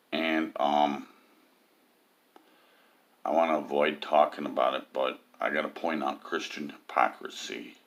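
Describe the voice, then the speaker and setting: Deep-voiced man ranting with many ums. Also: pushed and bright. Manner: mocking, lots of ums, mimics others in high cries. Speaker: atheist vlogger. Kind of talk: ranting monologue to camera.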